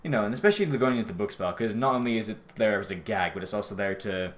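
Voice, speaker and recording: A man giving a casual, rambling episode review, often correcting himself and apologizing, his voice jumping high when he gets out of breath. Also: expressive, very fast. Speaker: show reviewer.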